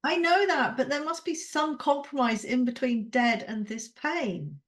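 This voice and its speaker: A woman's voice: high voice, measured pace. A woman on a podcast, talking candidly and emotionally, swearing freely and laughing often. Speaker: podcast co-host, coaching client. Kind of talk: candid conversational podcast chat.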